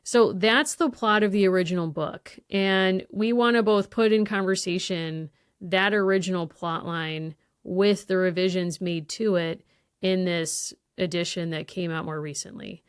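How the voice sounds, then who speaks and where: A woman with a lowish, smooth and resonant voice talks through a story's plot on a podcast, casual and engaged. The sound is dry and close to the mic, with no room around it. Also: fairly even intonation, a little slow, no room sound. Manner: recaps plot in detail, enthusiastic asides. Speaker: podcast co-host.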